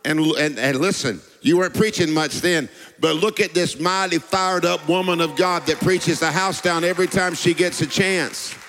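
High-voiced preacher man, sing-song cadence. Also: fairly even intonation, moderate pace, few pauses, fairly bright tone, in a large hall, faint music behind, a faint crowd. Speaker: pastor. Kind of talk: sermon.

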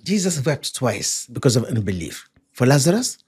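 A man leading a Bible study, teaching with animated retellings of scripture scenes. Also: normal speed, slightly rough. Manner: animated, acts out quotes with high pitch jumps. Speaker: preacher.

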